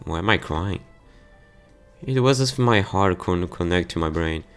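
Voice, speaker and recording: A man's voice: deep voice, lively intonation, moderate pace, clear, resonant tone, soft background music. A man reading a visual novel aloud for his gameplay channel, stumbling over words now and then. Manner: plain reading with stumbles and sudden outbursts.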